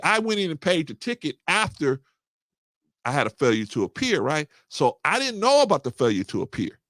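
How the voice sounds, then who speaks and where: A man's voice: on the high side, dry recording, clean studio sound. A man, in his thirties or older, hosting a casual talk and telling a story, often tagging lines with "man" and "right?". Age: 30s or older. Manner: animated, repeats "man" and "right?", quotes others. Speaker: podcast host.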